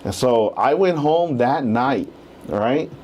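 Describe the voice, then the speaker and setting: A man in his thirties, a real estate agent and podcast guest, telling his story in a casual, animated way and acting out the quotes. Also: medium pitch, takes it slowly.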